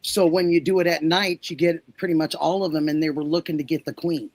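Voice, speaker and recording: A woman co-hosting a casual chat, excitable, with halting restarts and exclamations. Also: sits low, no echo. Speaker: podcast co-host.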